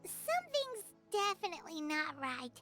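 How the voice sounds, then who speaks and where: Game fairy sidekick, tiny and chirpy, very high and bouncy. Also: female voice, moderate pace, over loud music. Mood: puzzled. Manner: bright, lively, chattering. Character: tiny chirpy girlish fairy companion, eager. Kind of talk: video game voice acting.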